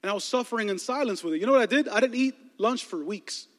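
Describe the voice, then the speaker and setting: A young man from the Chicago area tells a story from his own life to a crowd of young listeners. His voice sits high and turns lively, he acts out the other people in the story, and he often stumbles and repeats words. A long hall reverb trails behind each phrase. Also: fast talker. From Chicago area, United States. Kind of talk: storytelling sermon to a live youth audience.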